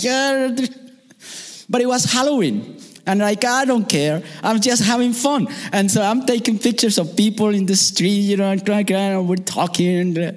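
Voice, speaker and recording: Animated stand-up comic man in a reverberant hall. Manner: animated, swings into shouted and high-pitched quoted voices. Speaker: stand-up comedian. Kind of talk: stand-up storytelling.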